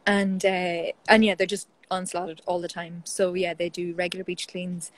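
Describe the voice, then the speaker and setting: A woman's voice: fairly low pitch, little pitch movement, moderate pace, no room sound, rough recording. Chatty Irish woman telling a story. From Ireland. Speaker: guest. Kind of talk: casual conversational interview.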